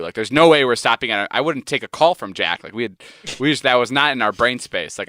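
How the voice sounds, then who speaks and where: A man's voice: on the low side, sharp tone, dry recording, studio quality. A man in his twenties hosting a podcast, chatting casually in a rambling way, full of filler words and swearing. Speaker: podcast host. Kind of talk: casual chat.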